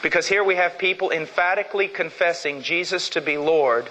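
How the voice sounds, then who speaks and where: A man delivers a forceful, emphatic sermon, pressing home each point with repetition. His voice sits high and sounds bright and sharp. A long reverb from a large hall trails behind every phrase. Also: fairly quick. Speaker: preacher.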